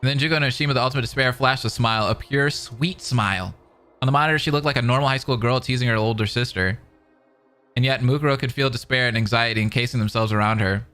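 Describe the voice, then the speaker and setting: A man's voice: medium pitch, quick pace, pushed and bright, faint music behind. A young man streaming, reading a novel aloud between rambling, filler-heavy casual chat with viewers. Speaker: streamer reacting to a fan dub.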